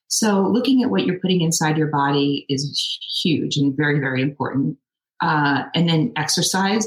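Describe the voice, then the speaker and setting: Low-voiced woman dermatologist, echoey room. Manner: explanatory, practical advice-giving. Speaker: dermatologist guest. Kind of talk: expert interview answers.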